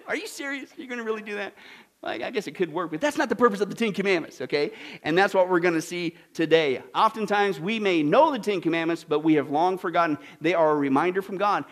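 High-voiced animated male preacher. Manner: animated, call-and-response questions to the congregation; mocking asides in put-on voices. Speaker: pastor. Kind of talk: sermon.

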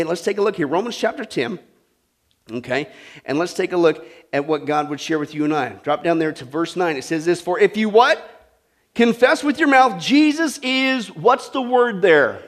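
A man preaching a sermon to a congregation, animated and asking them questions. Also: sits high. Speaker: pastor. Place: church with a live congregation.

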